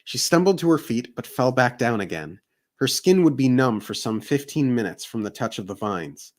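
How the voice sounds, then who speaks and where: A man, co-host of a book channel, narrating a fantasy story aloud in a steady reading voice. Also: medium pitch, moderate pace. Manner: steady reading, jokey asides. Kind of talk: amateur story read-aloud.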